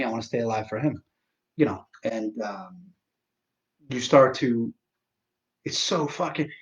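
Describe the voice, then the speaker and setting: A sarcastic man in his forties chats casually as the host of a livestream, swearing and halting often with lots of fillers. His voice is medium-pitched, and the audio sounds dull.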